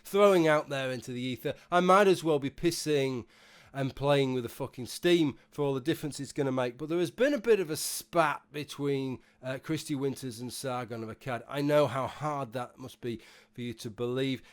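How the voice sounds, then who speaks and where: A man's voice: medium pitch, moderate pace. A man giving a rambling, sarcastic, sweary commentary monologue as a YouTube vlogger.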